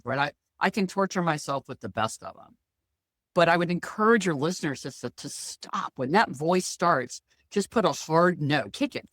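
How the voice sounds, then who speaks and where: A woman's voice: low-pitched, dry recording. A middle-aged woman, a financial planner guest, talking bluntly and telling stories in a casual interview. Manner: lively, blunt storyteller.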